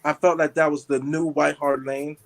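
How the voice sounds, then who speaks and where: A man chatting as an excited fan, rambling with many fillers. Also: on the high side, moderate pace, vocal fry.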